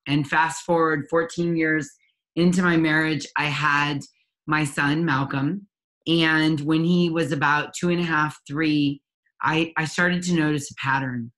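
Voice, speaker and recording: A woman's voice: low voice, fairly even intonation, a little slow, fairly bright tone. A woman in her forties, a parent coach, telling her personal story in an interview, earnest and candid with frequent ums and restarts. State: near tears at times.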